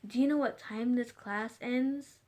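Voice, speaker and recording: Teen girl doing her sweet shy fake voice, high and quiet, kinda unsure. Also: fairly even intonation, unhurried, natural voice. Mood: timid.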